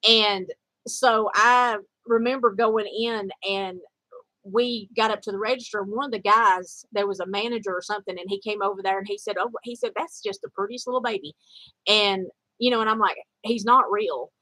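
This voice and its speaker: A woman's voice: mid-range voice, fairly even intonation, moderate pace, bright, forceful tone, dry recording, rough recording. A middle-aged woman, telling a casual story in a rambling way with lots of fillers and restarts. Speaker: vlogger.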